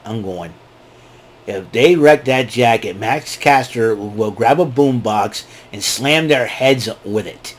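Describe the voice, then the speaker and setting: This wrestling reviewer speaks slowly at a medium pitch, yet his rambling, casual recap stays animated. He frequently cracks himself up with his own jokes.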